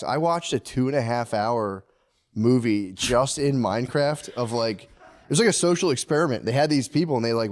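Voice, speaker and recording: A man's voice: mid-range voice, expressive, brisk, a little mellow, no echo. Rambling, profane male podcast host. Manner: loose, rambling, swears a lot and laughs often. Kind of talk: casual podcast banter.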